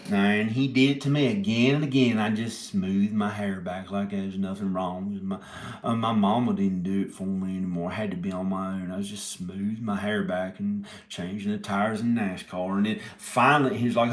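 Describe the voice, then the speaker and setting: A man's voice: fairly low pitch, fairly even intonation, moderate pace, a bit bright. A man telling a rambling comic story, stopping and restarting his words and giggling often. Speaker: video maker telling a story. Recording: echoey room.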